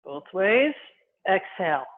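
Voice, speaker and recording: A qigong instructor guiding movement and breathing, giving calm, unhurried cues in short phrases. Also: mid-range voice. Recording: tinny phone-like sound.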